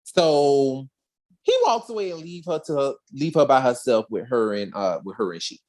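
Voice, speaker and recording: A podcast co-host recapping an episode in a casual, animated way, full of slang and acted-out quotes. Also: mid-range voice, normal speed.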